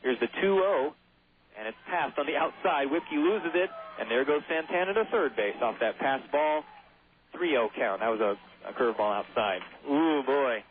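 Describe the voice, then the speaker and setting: A man's voice: medium pitch, lively intonation, moderate pace. A man calling baseball play-by-play on the radio, chatty and given to jokey asides. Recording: tinny phone-like radio broadcast.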